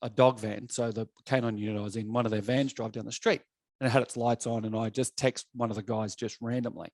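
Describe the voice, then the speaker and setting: A quick-talking Australian man in his fifties, blunt and salty in casual podcast chat. His voice sits at an ordinary middle pitch, recorded close and dry with no room sound. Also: level tone, darkish tone, no echo. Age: 50s. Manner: blunt, swearing storyteller. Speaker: podcast guest, coach and former police officer.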